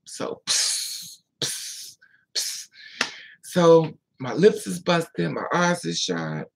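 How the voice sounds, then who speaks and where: A gravelly, husky voice with plenty of vocal fry. A vlogger speaks candidly and emotionally about their own past. At times they drop to a near whisper and answer viewer comments. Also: medium pitch, big pitch swings, extremely slow, poor audio. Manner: emotional, candid storytelling with frequent hushed asides; responds aloud to viewer comments. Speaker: vlogger telling a personal story. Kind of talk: casual story time monologue.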